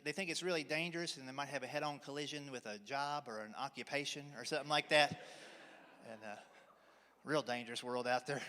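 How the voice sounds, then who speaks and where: Forties male stand-up, folksy drawling storyteller, pitched a touch high, big reverberant hall. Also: sharp tone. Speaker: stand-up comedian. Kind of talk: stand-up routine. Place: church hall, live audience.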